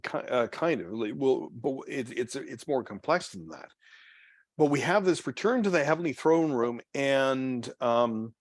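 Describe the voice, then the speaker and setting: A man's voice: medium pitch, lively intonation, measured pace, no echo. A man leading a church Bible study, talking off the cuff with many fillers, restarts and trailing phrases. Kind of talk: unscripted Bible study talk. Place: church meeting room.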